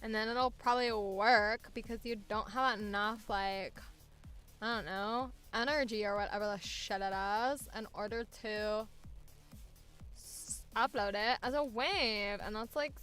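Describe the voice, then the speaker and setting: A woman's voice: medium pitch, takes it slowly, fairly bright tone, clear, resonant tone, faint music behind. A young woman voice actor chatting to herself casually while working, muttering at her computer and swearing now and then.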